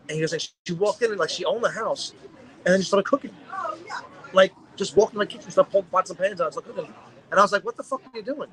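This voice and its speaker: A man's voice: high voice, rough recording. A man co-hosting a podcast, telling stories in casual chat, swearing often and acting out quotes. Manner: profane, animated storytelling. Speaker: podcast co-host.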